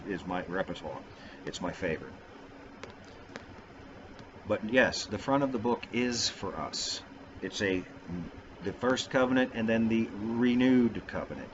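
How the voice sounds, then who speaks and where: A middle-aged vlogger with a lowish voice talks about faith on his own vlog in a casual, rambling, goofy and self-deprecating way. There's background noise, and the sound is dull and lo-fi.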